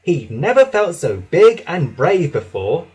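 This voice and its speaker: Slow, lively male storyteller. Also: on the high side, breathy edge. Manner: expressive, dramatic reading. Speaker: narrator. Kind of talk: storybook reading for children.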